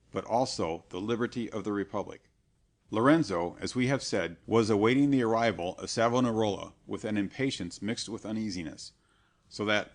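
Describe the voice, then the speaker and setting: Male audiobook narrator, steady and even; slightly low voice. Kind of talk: scripted narration.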